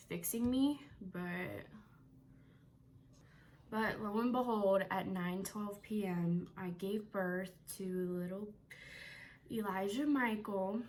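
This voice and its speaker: A young woman vlogging from her bedroom, telling a personal story in a candid, rambling way, with casual swearing and moments of emotion. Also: medium pitch. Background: faint TV sound playing.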